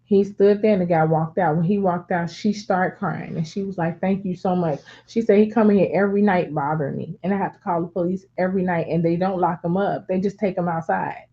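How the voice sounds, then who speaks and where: A middle-aged woman in casual chat, telling a family story with lively acted-out voices. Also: on the low side, brisk, hardly any pauses. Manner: animated storyteller acting out voices. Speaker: talk show co-host. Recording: dull lo-fi sound.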